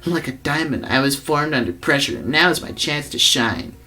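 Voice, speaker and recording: A man's voice: on the high side, expressive, a little fast, sharp tone, soft background music, pitched above the performer's own voice. A man voicing a young female student who uses a sweet, sugary voice. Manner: sweet put-on voice.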